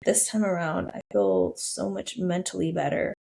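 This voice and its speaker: A woman's voice: on the low side, moderate pace, vocal fry, warm tone, rough recording. A woman in her thirties hosting a solo podcast, telling a personal story in an emotional, gushing, casual way. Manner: emotional, gushing, with lots of "I was like". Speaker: podcast host.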